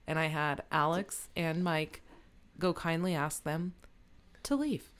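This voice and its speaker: A woman's voice: low-pitched, slow pace, smooth. A woman who manages a restaurant, telling a story in a casual chat, swearing freely and laughing often.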